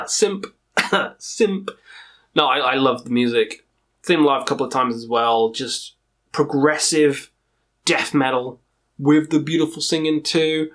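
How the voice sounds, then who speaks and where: A man with a tired, strained throat talks excitedly through his favourite metal bands in a casual vlog, swearing often and rambling as he goes. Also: a little high. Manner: profane, enthusiastic, rambling. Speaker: metal music reviewer.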